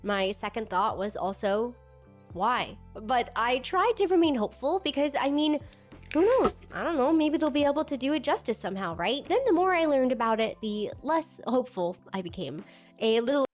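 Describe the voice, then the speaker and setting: A woman with a slightly hoarse sick voice, reading a scripted commentary with wry sarcasm. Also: sits high, sing-song, normal speed, faint music behind. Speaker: video essayist.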